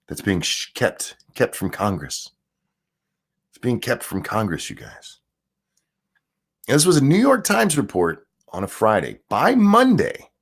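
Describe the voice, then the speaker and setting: Male streamer, lowish animated voice, sarcastic, profane, rambling delivery. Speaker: political commentary streamer. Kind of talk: casual livestream rant.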